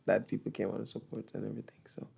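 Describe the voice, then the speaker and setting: A hoarse young man with a Grenadian accent, giving short, laid-back answers as an interview guest. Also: lowish voice, completely flat delivery, very fast, dark tone. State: hoarse, losing his voice. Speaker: guest soca artist. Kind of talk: casual interview chat.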